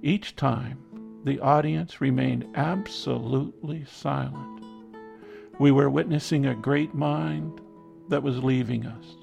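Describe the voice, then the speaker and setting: An older man narrating a reflective personal essay in a measured, contemplative way. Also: medium pitch, vocal fry, darkish tone, faint music behind.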